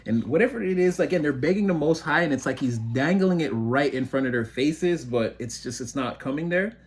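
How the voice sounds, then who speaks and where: A man giving a casual tarot reading, excitable and giggly, talking in a rambling rush that keeps breaking into laughter. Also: on the high side, fairly quick, slight background noise. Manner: excitable, giggly motor mouth. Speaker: tarot reader.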